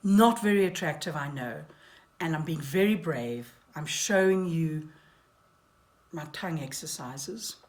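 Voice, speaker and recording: A woman's voice: sits low, measured pace. A woman giving a voice and speech lesson for actors, demonstrating tongue exercises aloud with wry asides. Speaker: voice coach.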